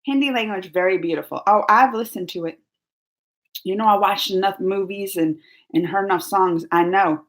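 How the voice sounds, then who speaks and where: A woman's voice: medium pitch, moderate pace. A woman from New Orleans with a Southern accent, chatting casually and giggling as she reads viewer comments on her live stream. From New Orleans, Louisiana, US. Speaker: YouTube host.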